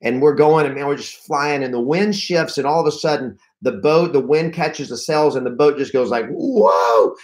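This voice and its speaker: A man giving a lively live-streamed coaching talk to real estate agents, telling stories and acting out panicked reactions. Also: fairly high pitch, normal speed, hardly any pauses. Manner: energetic, storytelling, acts out panicked reactions; restarts and repeats words often.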